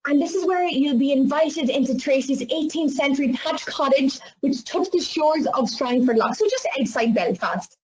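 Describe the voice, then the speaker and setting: A woman with a Northern Irish accent, telling folklore and travel tips in a lively, chatty way. Her voice sits high, and she talks like a presenter who loves spinning a yarn. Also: low-quality recording. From Northern Ireland.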